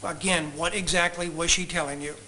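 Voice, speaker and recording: A man examining a witness in a courtroom, asking measured, polite, leading questions. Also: a little high, fairly even intonation, bright, forceful tone, a little hiss or hum, low-quality recording. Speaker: trial attorney questioning a witness.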